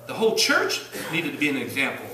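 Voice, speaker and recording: Fast-talking and emphatic, a Southern-accented man from Virginia preaches to his congregation and peppers them with rhetorical questions. His mid-range voice swoops wildly in pitch and sounds pushed and bright. The church sanctuary recording is distant and roomy, with slight background noise.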